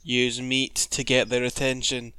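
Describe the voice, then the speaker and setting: A man putting on a slow, measured announcer voice to read a creature description. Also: medium pitch, completely flat delivery, pushed and bright, clean tone, no room sound. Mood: solemn. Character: slow, solemn male announcer.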